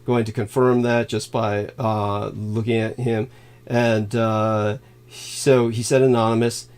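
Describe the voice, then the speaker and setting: A man hosting a livestream, rambling through thanks with many halting fillers, laughing suddenly and swearing now and then. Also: on the low side, flat delivery, a little mellow, clear, resonant tone. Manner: halting, filler-heavy, reads donor thanks aloud. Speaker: livestream host.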